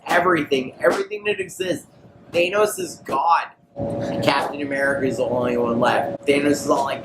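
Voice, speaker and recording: A man on a podcast, slightly drunk, retelling a comic plot in loose slang and quick character voices. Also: fairly high pitch. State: tipsy. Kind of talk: drunk rambling recap. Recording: roomy echo, clear background noise.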